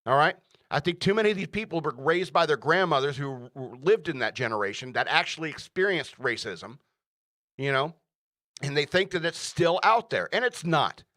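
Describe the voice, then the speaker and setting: Talk radio guy ranting solo, bright punchy voice, dry close sound, keeps saying all right. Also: on the high side, animated, normal speed, no room sound. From United States. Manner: emphatic, repeats "all right?". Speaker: radio show host. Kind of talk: opinionated solo commentary.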